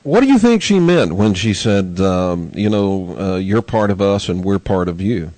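Low-voiced guy asking questions, dry close sound, some uhs and ums. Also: lively intonation, moderate pace, a little mellow, dry recording. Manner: prompting questions with hesitant fillers. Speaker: interviewer.

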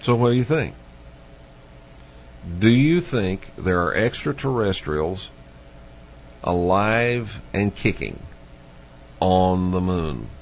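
A man hosts a call-in radio show, taking his time and circling back to the same questions for his listeners. His voice sits on the low side, and his delivery is slow. The broadcast sound is dull and lo-fi, with a faint hiss underneath. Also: very animated. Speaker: radio talk show host. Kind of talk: late-night call-in radio talk.

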